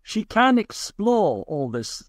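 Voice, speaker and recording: A man's voice: high voice, big pitch swings, takes it slowly, dry recording, clean studio sound. A man, a guest scientist, explaining ideas in long, reassuring, flowing sentences. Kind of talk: explanatory podcast interview.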